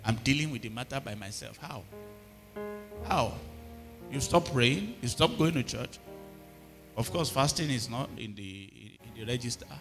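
A man's voice: medium pitch, expressive, moderate pace, pauses often, a bit bright, in a large hall, soft background music. A middle-aged male pastor preaching a sermon and often asking the congregation if they are hearing him. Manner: preaching with repeated call-outs to the congregation.

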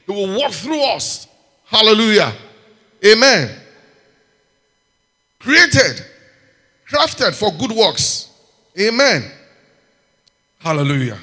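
A man preaching a sermon, reading scripture and calling out amens and hallelujahs with animated emphasis. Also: sits high, slow, pauses often. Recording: long hall reverb.

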